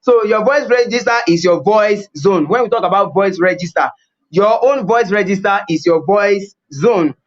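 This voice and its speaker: A man's voice: high-pitched, normal speed, highs cut off. A man teaching a singing webinar, repeating key points and explaining things as he plays the piano. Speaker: vocal coach.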